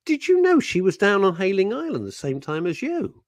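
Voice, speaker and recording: A man's voice: high-pitched, huge pitch swings, fairly quick, no echo. A man hosting a radio show in casual, teasing chat, laughing often and reading out listener messages. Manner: playful, teasing, laughs often, reads out messages in put-on voices. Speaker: radio host. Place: radio studio.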